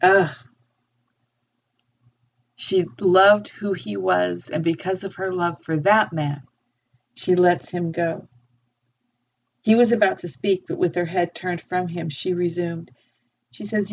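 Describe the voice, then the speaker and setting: A woman gives a thoughtful literature lecture, explaining a text and reading quoted passages aloud with feeling. Her voice is lowish with vocal fry and fairly even intonation, and she speaks slowly with long pauses. The dull lo-fi recording carries a little hiss or hum.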